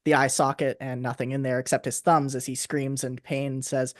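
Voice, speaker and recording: A man running a tabletop game as game master, narrating scenes in a relaxed, halting way with fillers. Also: mid-range voice, no echo, clean studio sound.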